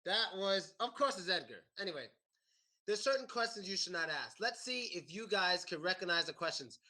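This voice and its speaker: American guy teaching a class, high bright voice, keeps repeating his questions. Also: animated, moderate pace. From United States. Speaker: English teacher. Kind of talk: classroom lesson.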